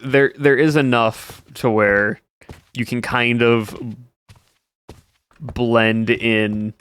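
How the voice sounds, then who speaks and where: A man's voice: medium pitch, steady tone, drawn-out words, fairly bright tone, smooth. A young man streaming, chatting casually with his viewers in a rambling way and answering their comments as he goes. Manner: rambling, answers chat between stories. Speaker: livestreamer.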